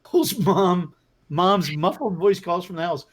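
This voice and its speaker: A man's voice: high-pitched, measured pace, noisy background. An older man co-hosting a stream, chatting casually while playing a text game, laughing often and restarting his sentences. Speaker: writer and stream co-host.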